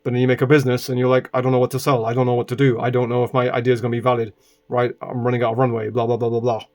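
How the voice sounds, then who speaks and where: A man's voice: medium pitch, monotone, rapid-fire, a little mellow. A man from Britain, recording himself indoors, telling a rambling story and often checking in with "right?" between exasperated asides. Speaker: vlogger. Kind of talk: casual storytelling monologue.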